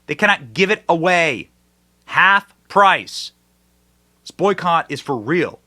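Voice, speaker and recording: A man hosting a political commentary show, his voice bright and forceful and pitched a little high. He talks emphatically and mockingly, jumping between loud high bursts and low, quieter asides. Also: lively intonation, slow. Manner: emphatic and mocking, with big swings in pitch and loudness.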